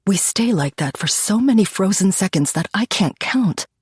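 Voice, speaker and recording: A woman narrating a dark romance audiobook in the first person, with an intimate, dramatic reading. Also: medium pitch, lively intonation, normal speed, husky, no echo, clean studio sound.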